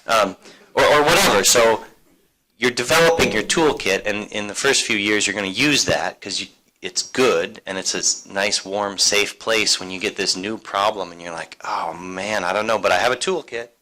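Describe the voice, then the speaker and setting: Man, lowish voice, bright tone, career panel speaker, conversational with restarts. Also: normal speed, slight background noise, low-quality recording. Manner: conversational, many fillers and restarts. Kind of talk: casual seminar talk.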